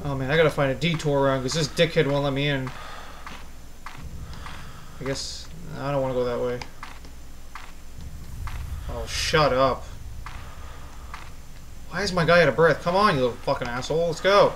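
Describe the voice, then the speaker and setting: A man commentating a horror game as he plays, easily spooked, swearing and yelling at the monster. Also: medium pitch, normal speed, pauses often, a little hiss or hum, low-quality recording. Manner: jumpy, swears a lot, yells at the monster. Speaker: gaming channel host.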